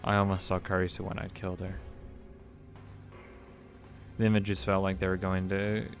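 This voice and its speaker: A man's voice: deep voice, completely flat delivery, moderate pace, faint music behind. A man reading a visual novel aloud, who stumbles over words, restarts them, and swears in casual asides. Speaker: let's play narrator.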